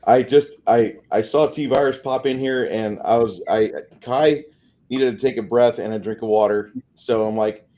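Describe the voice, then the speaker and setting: A man's voice: medium pitch, normal speed, dark tone. A man co-hosting a casual stream, rambling in a friendly way and often repeating his words. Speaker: co-host.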